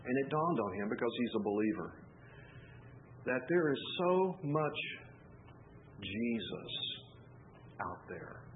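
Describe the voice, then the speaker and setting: A man's voice: medium pitch, lively intonation, slow pace, long pauses. A man giving a sermon as pastor, telling stories in a loose, conversational way with fillers and restarts. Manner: conversational, rambling storytelling with fillers. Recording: phone-like narrow sound, faint hiss.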